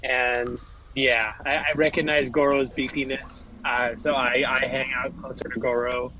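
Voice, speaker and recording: A man's voice: mid-range voice, flat delivery, measured pace, sharp tone, slight background noise, poor audio. A man playing in a tabletop game, talking in a hesitant way full of fillers. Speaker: player. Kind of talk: tabletop role-play.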